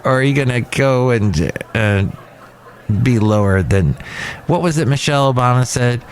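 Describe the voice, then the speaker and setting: Animated man in his fifties. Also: medium pitch, moderate pace. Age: 50s. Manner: rambling, conversational, with frequent restarts. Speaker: podcast host. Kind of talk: casual chat. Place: cafe.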